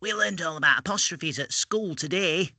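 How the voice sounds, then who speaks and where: A man's voice: on the high side, moderate pace, vocal fry, bright, forceful tone, no echo, soft background music, exaggerated voice. A man playing a schoolchild who patiently explains a school lesson to his mum. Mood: explaining. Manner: patient, then exasperated.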